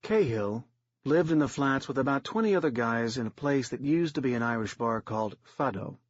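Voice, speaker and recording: A man's voice: mid-range voice, expressive, fairly quick, no room sound, dull audio. A man reading a third-person audiobook story in a plain, matter-of-fact manner. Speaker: audiobook narrator.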